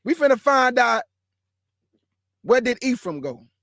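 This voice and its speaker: A man's voice: extremely high pitch, big pitch swings, unhurried, vocal fry, fairly bright tone, no room sound. Brash stream host, a man, mocks and repeats himself, dry close mic. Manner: brash, mocking, repeats lines for emphasis. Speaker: host of a livestream show. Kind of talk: livestream commentary and preaching.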